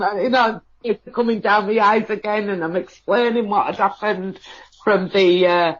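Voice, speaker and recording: A woman telling a personal experience, halting with many fillers and restarts. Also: medium pitch. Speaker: guest. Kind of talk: emotional personal account. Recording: dull lo-fi audio.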